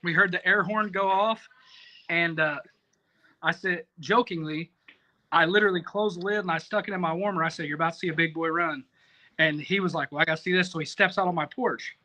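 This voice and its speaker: A man telling a rambling, profane story in casual podcast talk, animated and self-mocking. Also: sits high, poor audio. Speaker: competition barbecue cook, podcast guest.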